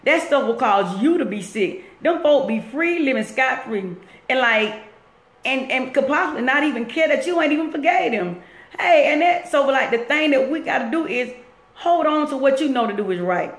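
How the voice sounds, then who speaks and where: Earnest, repetitive woman motivating live viewers; slightly high, echoey room. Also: lively intonation, moderate pace. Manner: earnest and preachy, repeats herself. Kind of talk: casual live-stream talk. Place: at work, roomy space.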